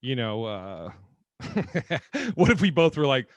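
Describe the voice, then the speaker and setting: A man's voice: medium pitch, sing-song, a little slow, no echo, dull audio. A man co-hosting a podcast in casual comedic chat, joking, swearing freely and laughing often. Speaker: podcast co-host.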